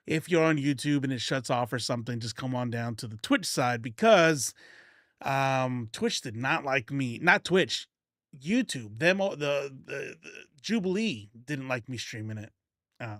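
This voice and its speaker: A man's voice: medium pitch, a bit bright, dry recording, studio quality. Rambling joking male streamer, put-on country twang. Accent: Southern US (put on). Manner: rambling and joking, frequent restarts and laughs, doing a put-on country accent. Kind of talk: casual live-stream chat.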